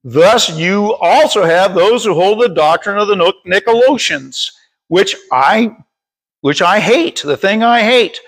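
A man leading a Bible study, reading scripture aloud slowly and stumbling over words, then stopping to teach. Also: sits high, lively intonation, fairly bright tone, low-quality recording. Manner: reads slowly with frequent stumbles and self-corrections. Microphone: streaming over Wi-Fi.

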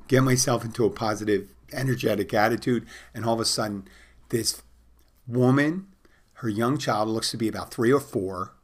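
A middle-aged man hosting a podcast, telling a personal story and giving bartending tips in a rambling, conversational way with many restarts. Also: medium pitch. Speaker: podcast host. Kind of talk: casual storytelling monologue.

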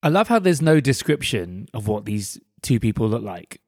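A man's voice: medium pitch, big pitch swings, moderate pace, a little mellow, dry recording, studio quality. A man co-hosting a book podcast, chatting casually and riffing with jokes. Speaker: podcast co-host.

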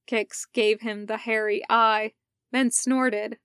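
A woman reading a fan fiction story aloud in calm, even narration. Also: fairly high pitch, slow pace, clear, resonant tone, no echo, clean studio sound. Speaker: podfic reader.

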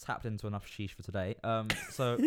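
A man's voice: fairly low pitch, fairly even intonation, fairly quick, noisy background. A man co-hosting a comedy podcast, riffing playful jokes in casual chat. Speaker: podcast co-host.

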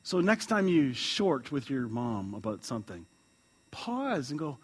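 A man preaching a sermon as a pastor, reading a story aloud, chuckling and swinging between loud and hushed lines. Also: medium pitch, very animated, unhurried, breathy edge.

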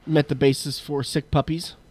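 A man hosting a casual podcast chat, telling a story in a lively, animated way. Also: on the high side, normal speed, over a noisy crowd. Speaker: podcast host.

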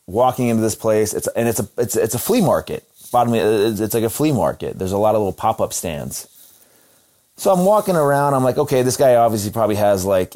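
Young man, low voice, casual storytelling, lively quoted lines. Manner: animated, acts out quotes with a raised voice.

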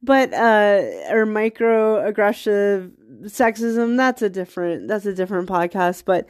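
Stuffy from a cold and coughing now and then, a woman hosts a podcast in an unhurried, medium-pitched voice with fairly even intonation. Her talk is a rambling, casual monologue sprinkled with laughing asides.

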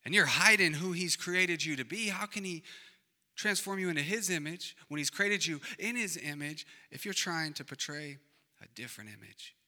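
A man preaching in a church with a very bright, sharp voice that rings out under a long hall reverb. He swings from loud, emphatic declarations down to hushed, near-whispered lines, and his pitch sits a bit on the high side. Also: expressive, moderate pace. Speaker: pastor. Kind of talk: sermon.

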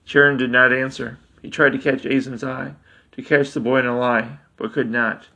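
A man narrates a dark story with a bright, forceful voice. He reads in a steady, measured way, line by line. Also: mid-range voice, vocal fry. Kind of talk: dramatic story reading.

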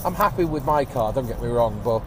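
A man with a mid-range, expressive voice talks fairly quickly as he hosts a one-take podcast from his car. Stuck in traffic, he rambles and grumbles, swearing casually and letting out a phlegmy cough, while car and road noise hum behind him.

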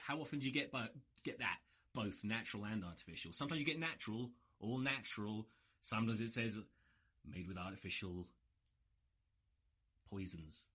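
A man's voice: on the low side, husky. Sweary, exhausted man ranting on a podcast. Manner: sweary, sarcastic, animated ranting. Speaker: podcast host. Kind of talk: solo rugby podcast rant.

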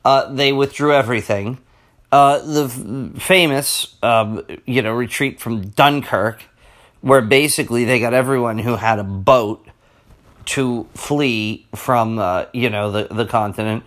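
A man hosting a casual history podcast, talking in a rambling, halting way with restarts and throat-clearing. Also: medium pitch, fairly bright tone. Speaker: podcast host.

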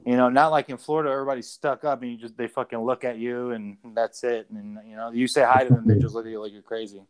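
A man speaks fast in a smooth, mid-range voice with fairly even intonation. He's a podcast co-host calling in from away from home, rambling through casual stories with lots of fillers and cursing.

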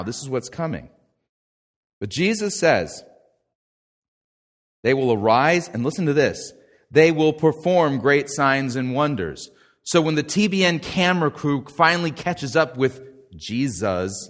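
A man preaching a sermon in a folksy, conversational way, swinging from quiet asides to loud, emphatic quoted lines. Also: medium pitch. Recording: long hall reverb.

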